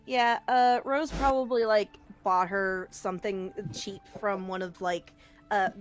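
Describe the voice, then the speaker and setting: A woman's voice: mid-range voice, fairly even intonation, a little slow. A woman player in a tabletop game, describing her character's actions with frequent fillers and restarts.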